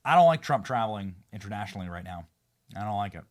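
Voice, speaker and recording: A man hosting a political commentary show, talking excitably with sarcastic asides. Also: quick pace. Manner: excitable, sarcastic, swings between loud outbursts and low asides.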